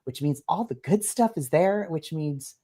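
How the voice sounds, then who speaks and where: A woman's voice: low-pitched, expressive, unhurried, warm tone. A woman voicing an earnest young man who cooks, hopeful and often in a rush. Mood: hurried. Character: hopeful young male cook, eager and rushed.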